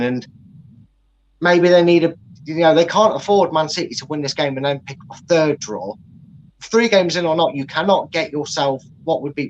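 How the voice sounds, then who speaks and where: A man, co-hosting a casual football chat and giving rambling, animated opinions. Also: on the high side, slight background noise, low-quality recording. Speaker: co-host.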